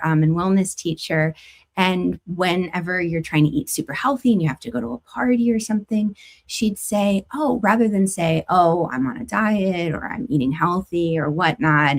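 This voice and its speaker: Chatty woman giving a tarot forecast. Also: fairly low pitch. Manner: chatty, animated storytelling with playful asides. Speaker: spiritual tarot reader. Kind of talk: casual spoken tarot forecast.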